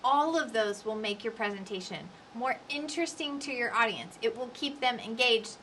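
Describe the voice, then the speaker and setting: A woman in her forties giving a lively coaching lecture on public speaking, with varied emphasis. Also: fairly high pitch, moderate pace, few pauses, slight background noise. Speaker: instructor.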